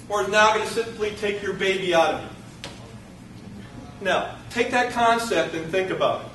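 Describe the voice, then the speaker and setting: Male college instructor, high voice, playful lecture style, roomy distant classroom sound. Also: a little hiss or hum. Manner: lively, joking, acts out students' voices.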